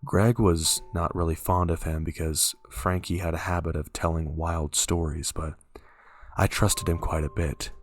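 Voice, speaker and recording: A man narrating a scripted horror story in a calm, measured way. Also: low-pitched, soft background music.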